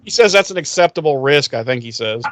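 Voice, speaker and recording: A man's voice: medium pitch, expressive, quick pace, dry recording. A man co-hosting a podcast, casually recapping an episode, laughing and swearing as he acts out the lines. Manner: laughing, profane, retells scenes in quoted voices. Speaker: podcast co-host.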